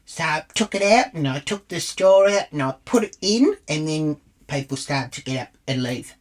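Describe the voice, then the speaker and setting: A woman's voice: low voice, animated, normal speed. An Australian woman vlogger telling a rambling storytime anecdote, blunt and full of swearing. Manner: crude, rambling storyteller who swears freely. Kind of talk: storytime monologue.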